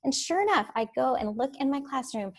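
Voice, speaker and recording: A woman teacher telling classroom stories in a casual, animated way, laughing as she goes. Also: sits high, fairly quick. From Florida. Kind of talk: casual storytelling on a podcast.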